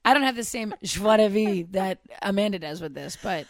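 A woman's voice: mid-range voice, animated, moderate pace. A woman in her thirties from Massachusetts, co-hosting a casual podcast chat and joking around on the fly. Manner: giggly, jokey, riffs on the fly. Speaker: podcast co-host.

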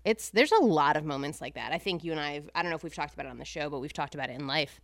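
A woman in her thirties co-hosting a podcast, chatting casually and getting emotional with quick asides. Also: low voice, lively intonation, gravelly, no room sound, clean studio sound. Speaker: podcast co-host. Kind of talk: casual chat.

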